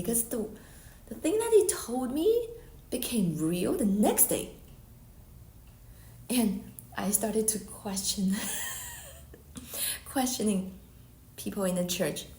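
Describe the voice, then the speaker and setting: A woman, telling her faith testimony in an earnest, unscripted way with many restarts and soft asides. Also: a little high, reverberant. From Shanghai, China. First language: Chinese. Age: 40s. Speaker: Christian artist giving a testimony.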